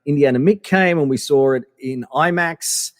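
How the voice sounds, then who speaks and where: A man chats as a podcast guest, wandering through his stories with plenty of ums and restarts. His voice sits a little high, and the sound is dry and close with a long reverb tail. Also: moderate pace. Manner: rambling, many fillers and restarts. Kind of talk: casual anecdotal storytelling.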